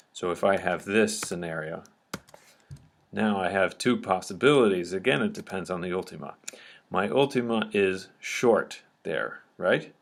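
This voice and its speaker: A man teaching a recorded grammar lesson, explaining step by step and often checking in with "okay?". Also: low-pitched.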